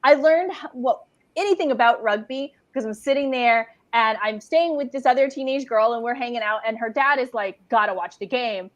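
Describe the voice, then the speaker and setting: A woman's voice: high-pitched, fairly quick, highs cut off. An American woman hosting a bookstore livestream, telling stories in a chatty way over a video call. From United States. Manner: chatty storyteller, friendly laughs. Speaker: bookstore event host. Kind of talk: casual chat.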